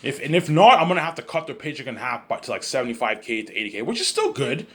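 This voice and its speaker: A man's voice: medium pitch, very animated, fast talker. A man vlogging in a rambling casual monologue, repeating himself, stumbling over words and swearing freely.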